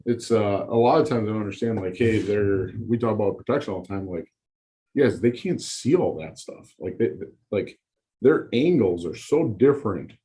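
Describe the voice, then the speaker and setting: A man's voice: fairly low pitch, lively intonation, normal speed, warm tone, rough recording. A man, a college football line coach, chatting easygoing as a podcast guest, often with short agreeing replies. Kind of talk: casual chat.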